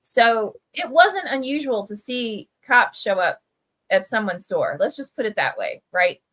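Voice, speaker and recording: This middle-aged New Jersey woman, a press editor from Camden, relaxes into a childhood tale over a video call livestream, leaning on "like" and "right?". She sounds a little high and fairly bright, with lively intonation and an unhurried pace, though the audio is poor.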